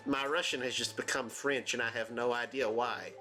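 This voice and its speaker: A man's voice: mid-range voice, steady tone, normal speed, few pauses, bright, forceful tone, soft background music. Joking man narrating a game playthrough. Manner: joking, self-deprecating. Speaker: let's play host. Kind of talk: casual gameplay commentary.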